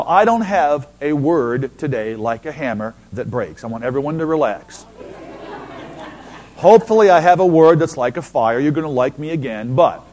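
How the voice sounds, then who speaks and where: A man preaching a sermon as a visiting speaker, animated, calling for responses from the congregation and bursting into loud exclamations. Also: a little high.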